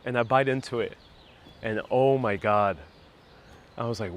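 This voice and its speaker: A man from New York City in his thirties, livestreaming a walking tour outdoors on a wireless lapel mic and telling childhood stories in a casual, animated way. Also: mid-range voice, brisk. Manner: animated storyteller, reads viewer comments aloud. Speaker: vlogger giving a live walking tour. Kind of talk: casual live-stream storytelling.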